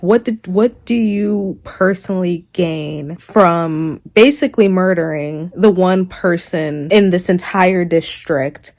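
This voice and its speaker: A young woman vlogging her reaction to a book, ranting in an animated, exasperated way and laughing often. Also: lowish voice. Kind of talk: casual reaction vlog.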